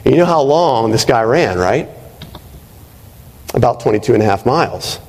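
A man's voice: mid-range voice, lively intonation, normal speed, a little mellow. A male pastor preaching a sermon in a conversational way, often checking in with "right?". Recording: reverberant hall.

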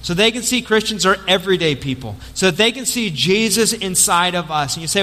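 A lively male pastor preaches a sermon in a high, bright voice. His amplified voice rings out with long reverb through the church sanctuary. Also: fairly quick.

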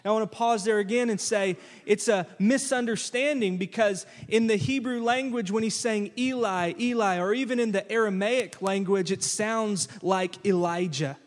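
A male pastor preaching a sermon, lively and conversational, slipping into casual phrases as he walks through a scripture reading. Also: high-pitched, normal speed, few pauses. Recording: long church-hall reverb.

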